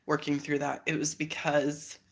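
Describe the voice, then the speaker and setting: A woman's voice: deep voice, moderate pace. A woman in her thirties talking candidly about her own experiences, telling stories and acting out what she and others said. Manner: candid, animated storytelling with laughs and acted-out quotes. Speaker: host. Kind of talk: reflective personal monologue.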